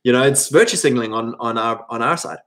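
A man's voice: medium pitch, quick pace, a bit bright. A man hosting a podcast, talking casually to his audience and reading live chat, with frequent restarts and mocking quoted voices.

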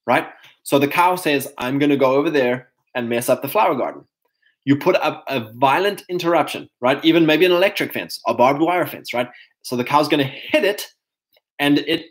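Emphatic man ranting on a livestream. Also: mid-range voice. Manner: emphatic, mocking voices of others, reads chat comments aloud. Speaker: livestream host reading chat. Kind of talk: casual livestream monologue.

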